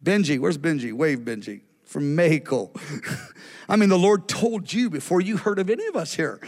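A man with a high voice preaches to a gathering, telling stories with animated energy and acting out the lines of the people in them. His voice rings with the long reverb of a large hall. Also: fairly quick. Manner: animated storytelling, acts out quotes. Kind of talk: sermon.

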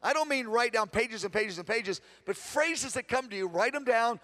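A man with a high-pitched voice teaches a conference session on prayer. He is earnest, dropping to a hushed tone for prayers and rising to emphatic preaching. He often repeats and corrects himself mid-phrase. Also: expressive, moderate pace, few pauses. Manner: repeats words, self-corrects.

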